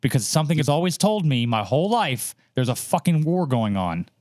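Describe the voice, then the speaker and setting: A man chatting casually as a podcast co-host, swearing freely and telling animated stories with mocking quoted voices. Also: fairly high pitch, brisk, dry recording, studio quality. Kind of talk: casual chat.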